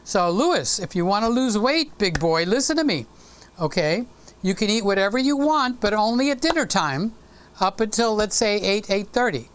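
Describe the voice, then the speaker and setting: A talkative woman hosts a relaxed live stream from her home. She speaks right to her viewers, teasing them and rambling along. Her voice sits at an ordinary middle pitch. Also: normal speed, a little hiss or hum. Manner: chatty, talks straight to viewers, teasing. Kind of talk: casual live stream chat.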